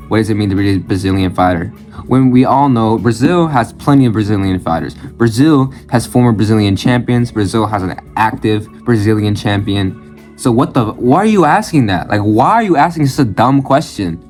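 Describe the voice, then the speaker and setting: A man's voice: medium pitch, expressive, moderate pace, darkish tone, soft background music. A man giving blunt reaction commentary on his own channel, ranting and swearing freely, often repeating phrases in bursts. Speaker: channel host.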